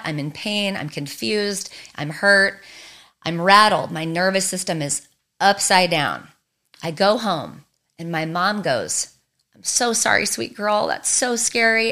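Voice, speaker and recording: Woman trauma therapist with a lower-pitched voice, delivering an earnest explanatory lesson in short repeated phrases. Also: pushed and bright. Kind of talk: explanatory teaching talk.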